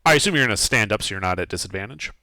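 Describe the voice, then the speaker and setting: A man acts as game master, calling for rolls and handing down rulings in a matter-of-fact way. His pitch swings in a lively way as he talks. The sound is close and dry, with no room around it. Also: racing, no echo. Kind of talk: running a tabletop game over voice chat.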